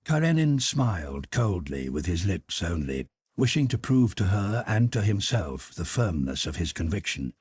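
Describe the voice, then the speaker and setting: A man narrating an audiobook in an expressive, measured storytelling manner. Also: sits low, husky, no echo, clean studio sound. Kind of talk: scripted narration.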